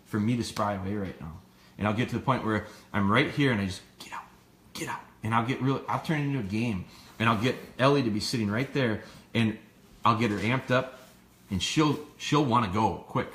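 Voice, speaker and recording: Male host, fairly low voice, relaxed live Q&A, echoey room with faint hum behind. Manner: relaxed, plainspoken, answers viewers by name. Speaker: dog trainer hosting a live stream. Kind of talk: casual live Q&A.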